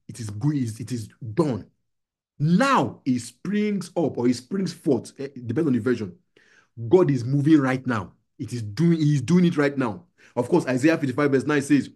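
A young adult male pastor with a medium-pitched, mellow voice and a breathy edge preaches a sermon to a small gathering. He exhorts and repeats his lines in a call-and-response style.

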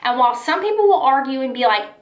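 A woman's voice: high voice, expressive, quick pace, reverberant. A young woman talking candidly to camera, chatty and full of "like" and "y'all". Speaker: lifestyle vlogger. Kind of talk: casual heart-to-heart talk to camera.

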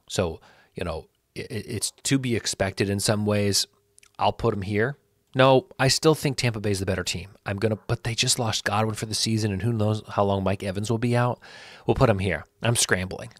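A man hosting his own sports channel, thinking aloud in a loose, self-correcting ramble that turns animated when he rants. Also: mid-range voice, no room sound, clean studio sound. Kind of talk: casual solo commentary.

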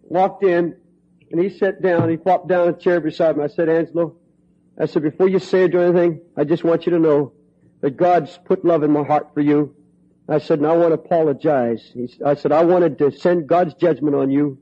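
Impassioned preacher, high voice, lo-fi. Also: male voice, fairly even intonation, a little fast. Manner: impassioned, swings from hushed to ringing. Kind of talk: storytelling sermon. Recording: dull lo-fi recording.

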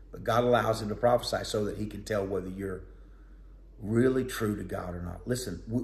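A man's voice: mid-range voice, vocal fry, darkish tone. A man delivers a conversational, plainspoken sermon with a mid-range voice. His words ring in an echoey room. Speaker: preacher.

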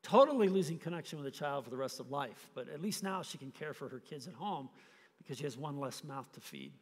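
A man preaching a sermon, telling a story with animated, acted-out scenes. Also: on the high side, fairly quick, breathy edge, long reverb tail. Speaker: pastor. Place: church hall.

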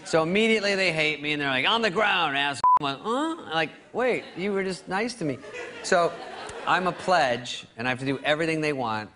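A man in his fifties, a talk show guest telling a comic story in a deadpan way and acting out the other people in it. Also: fairly high pitch, a little fast, a crowd in the background. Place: studio with audience.

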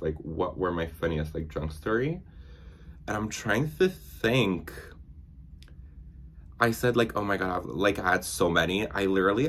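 A man's voice: low-pitched, fairly bright tone, a little hiss or hum. A young man chatting casually while doing makeup, rambling through stories with lots of filler words. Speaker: beauty vlogger.

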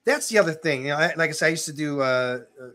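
A man's voice: a little high, animated, quick pace, sharp tone. A man hosting a casual interview, asking long, rambling questions with many fillers. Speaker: podcast host.

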